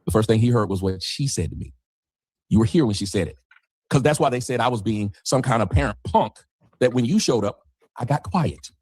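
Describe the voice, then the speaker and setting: A man's voice: mid-range voice, animated, brisk, darkish tone, slightly rough, dry recording. A man on an online panel, making his case insistently and cutting in to argue. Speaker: panel guest. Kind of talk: heated argument.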